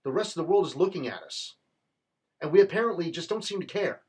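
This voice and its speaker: A man's voice: on the high side, expressive, quick pace, darkish tone, slightly rough. A man delivering an impassioned, rallying political monologue in a fervent, rhetorical manner. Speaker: political commentator.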